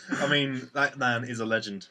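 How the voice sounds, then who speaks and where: A man's voice: mid-range voice, very noisy. A young English man co-hosting a casual vlog chat, joking dryly and cutting in. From England. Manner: dry joking, cuts in. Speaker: vlog co-host.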